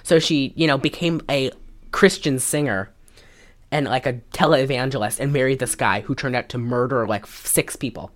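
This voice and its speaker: A woman's voice: a bass voice, moderate pace. A woman co-hosting a podcast, recapping a movie in rambling casual chat full of fillers and laughs. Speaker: podcast co-host.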